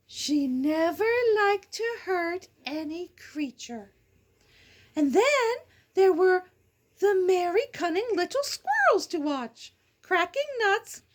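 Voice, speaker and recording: A woman's voice: extremely high pitch, expressive, slow pace, pauses often. A woman hosting a casual storybook read-aloud, breaking off into chatty, silly asides and giggles. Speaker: storyteller host.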